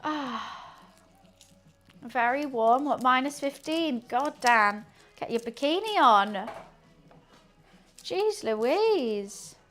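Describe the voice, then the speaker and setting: A high-pitched woman chats at an unhurried pace while cooking on a live stream. She rambles to viewers and a pet, with faint chopping and clicks in the background. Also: expressive, a bit bright, a little hiss or hum. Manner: rambling, chatty, talks to viewers and her kitten while cooking. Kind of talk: casual cooking stream chat. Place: home kitchen.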